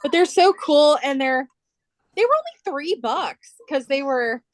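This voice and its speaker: A woman's voice: sits high, animated, unhurried, dry recording. A woman, older, hosting a live sewing stream and chatting fondly about her grandson on a video call. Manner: chatty, doting grandmother talk. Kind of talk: casual chat.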